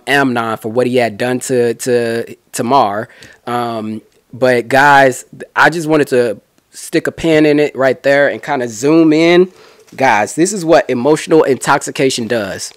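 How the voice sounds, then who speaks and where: A man's voice: mid-range voice, no echo, studio quality. A man giving a casual Bible teaching, retelling scripture in a chatty, slangy way with asides.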